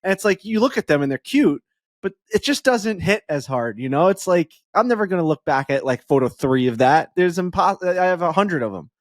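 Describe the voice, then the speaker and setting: A man's voice: high-pitched, a little fast, no echo, studio quality. A man co-hosting a podcast in casual chat, telling stories with lots of fillers and acting out what others said. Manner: animated storyteller, filler-heavy, acts out quotes. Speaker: podcast co-host.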